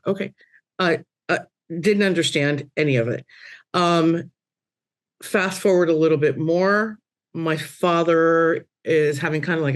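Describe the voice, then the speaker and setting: A middle-aged woman on a podcast panel, telling a personal story in a casual, animated way. Her voice jumps high when she quotes exclamations. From Cuban-American family.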